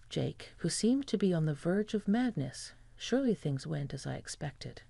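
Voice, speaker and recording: A woman telling a revenge story in scripted first-person narration, at an even, measured pace. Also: low voice, gravelly, breathy edge, dry recording.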